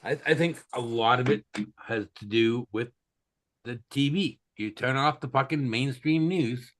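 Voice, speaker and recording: A man with a mid-range voice talks in a relaxed, unhurried way. He swears offhandedly through a casual chat. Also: mid-range voice.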